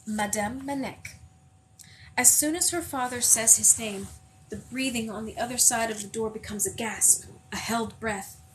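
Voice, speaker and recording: A woman reading a novel aloud, measured and unhurried, lingering on vivid images. Her voice sits a bit high, and faint background noise hums beneath the recording. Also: fairly bright tone, rough recording. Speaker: audiobook reader.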